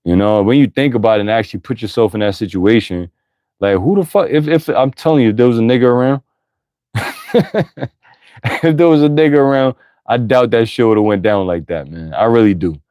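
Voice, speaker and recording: A man's voice: medium pitch, normal speed, mellow, no echo. A man reading scripture aloud and breaking off into blunt, profane, emphatic commentary, with bursts of laughter. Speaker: Bible teacher.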